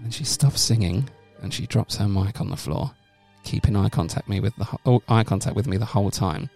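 Aussie guy on a comedy podcast, gravelly lowish voice, deadpan rambly storytelling. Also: fairly quick, faint music behind. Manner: rambling deadpan storytelling with loud shouted bits. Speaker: podcast co-host. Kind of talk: casual comedic podcast banter.

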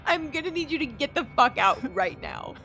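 A woman playing a tabletop game with a high, lively voice. She laughs easily and swears freely in casual chat, with faint music behind her. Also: brisk, gravelly. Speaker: player.

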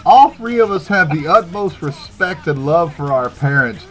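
In a loose, casual podcast chat, this male co-host spins stories peppered with plenty of swearing and laughter. His pitch is fairly high and he speaks at a normal speed, animated throughout.

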